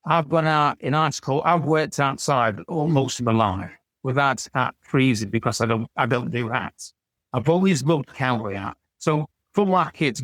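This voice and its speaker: A man's voice: mid-range voice, a bit bright, no room sound. A man, a podcast guest telling rambling anecdotes with frequent stammered restarts. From England. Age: 60s. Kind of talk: casual storytelling chat.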